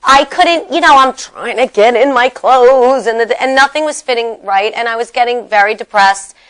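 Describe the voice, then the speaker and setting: A woman's voice: a little high, moderate pace, fairly bright tone, smooth, poor audio. A woman in her fifties co-hosting a casual chat, talking frankly and laughing often. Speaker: co-host.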